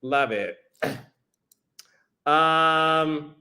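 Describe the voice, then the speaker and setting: Sassy male podcast host, high bright voice, unhurried live chat, playful. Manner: sassy and playful, calling people honey and child. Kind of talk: live-stream chat, reading viewer comments.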